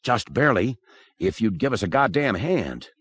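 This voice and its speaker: A man's voice: medium pitch, sing-song, normal speed, breathy edge, dry recording. A man reading aloud, voicing a cautious young man who warns the others. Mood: wary. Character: cautious young male writer.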